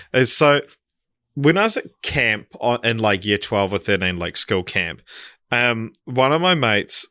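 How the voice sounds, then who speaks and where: A young man on a podcast, telling a rambling story and laughing often. His voice is forceful and bright. The sound is close and dry. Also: medium pitch, no echo. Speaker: podcast co-host. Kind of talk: casual chat.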